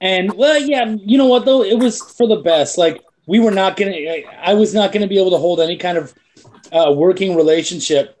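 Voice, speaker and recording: A man with a notably high-pitched voice talks casually about his work as a comic creator. He tells his stories with lively energy and swears without hesitation. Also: a little fast. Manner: animated storyteller who swears freely. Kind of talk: casual chat.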